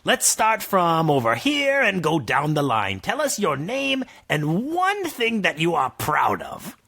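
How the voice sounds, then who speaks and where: A man voicing a theatrical, excitable male sorcerer addressing his recruits. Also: a little high, takes it slowly, creaky, voice pushed up, full character voice. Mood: excited. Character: pompous, enthusiastic male sorcerer recruiting warriors.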